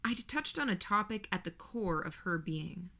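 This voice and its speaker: A woman narrating a first-person audiobook in an even, measured reading. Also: on the low side.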